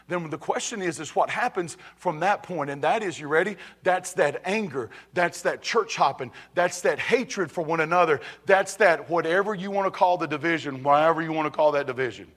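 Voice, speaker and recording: A man preaches to his congregation in a high, light voice. He talks conversationally, restarts phrases and keeps asking if they are ready. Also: a bit bright. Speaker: pastor. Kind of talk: sermon. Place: church sanctuary.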